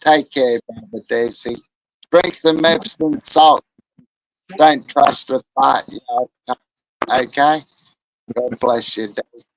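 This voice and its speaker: A man's voice: medium pitch, slow pace, pauses often, a little hiss or hum, rough recording. A man with an Australian accent, co-hosting a livestream, reading the chat and greeting viewers with crude slang. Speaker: livestream co-host. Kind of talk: casual chat.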